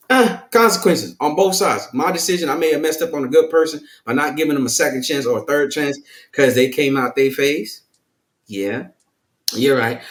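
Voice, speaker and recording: Playful man talking in an echoey room. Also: on the high side. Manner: playful, repetitive restarts. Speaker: podcast guest. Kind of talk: candid casual discussion.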